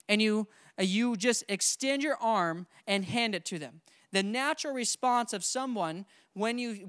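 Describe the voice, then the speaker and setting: A young adult man leading a church training seminar, coaching his audience with lively call-and-response. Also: high voice, clean tone, dry recording, studio quality. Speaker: seminar presenter.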